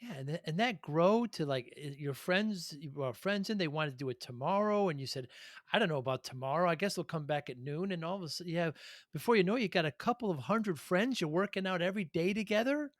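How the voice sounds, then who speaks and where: Sex: man. Role: podcast host. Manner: halting, stammering. Pitch: somewhat high. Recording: dry, close. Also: animated, dry recording. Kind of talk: casual interview questions.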